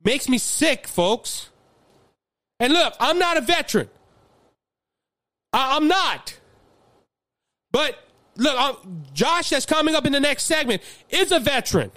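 A man's voice: very high voice, very animated, measured pace, pauses often, bright, forceful tone, no echo. A man with a Louisiana accent hosting a political commentary show, impassioned and fiery, often repeating words as he builds steam. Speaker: podcast host.

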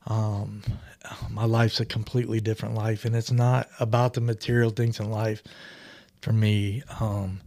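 A man's voice: lowish voice, little pitch movement, normal speed, darkish tone. A man in his forties, a podcast guest, telling his story in a casual, rambling way and often laughing mid-story, recorded in a studio.

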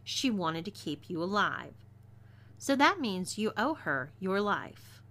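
A woman's voice: mid-range voice, very animated, slow, pushed and bright, full character voice. Texan woman playing Zelia, a fiery female outlaw. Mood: bossy. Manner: bossy, threatening drawl.

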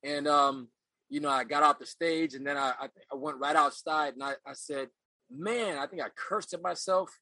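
This middle-aged podcast guest recounts his life story in casual interview fashion, earnest and reflective, often repeating phrases while hunting for the right words. He speaks briskly in a sharp, fairly high voice with fairly even intonation, captured in a dry, low-quality recording.

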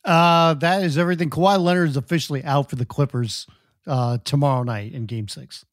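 A man's voice: fairly high pitch, fairly quick, no room sound, clean studio sound. A man co-hosting a casual sports podcast, matter-of-fact and playful. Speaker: podcast co-host.

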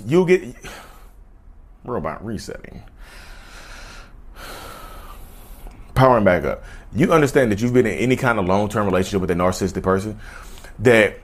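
A man vlogging in a casual, rambling way, often restarting phrases and speaking straight to his viewers. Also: medium pitch. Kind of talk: casual direct-to-camera talk.

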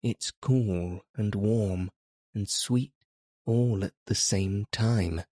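A man's voice: on the low side, extremely slow, mellow, dry recording, studio quality. A man doing an eager, marvelling young boy. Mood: joyous. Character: young sickly boy, joyous and curious. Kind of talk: storybook reading.

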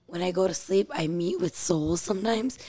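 A woman's voice: fairly low pitch, normal speed, dark tone. A woman co-hosting a podcast, chatting casually and rambling with many fillers. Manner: rambling, heavy use of "like". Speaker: podcast co-host. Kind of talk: casual chat.

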